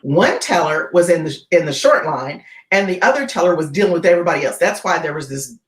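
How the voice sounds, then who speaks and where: Woman guest speaker telling a wild story, super expressive pitch, says "right?" a lot, echoey room. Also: fast talker. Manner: animated, keeps checking in with "right?". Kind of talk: dramatic storytelling in an interview. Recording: roomy echo.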